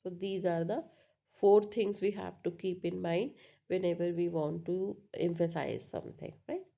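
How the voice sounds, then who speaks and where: A woman teaching a lesson on word stress, pausing often with fillers and asking "right?" to check understanding. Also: fairly low pitch, steady tone, vocal fry, warm tone. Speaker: English teacher. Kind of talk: spoken lecture on pronunciation.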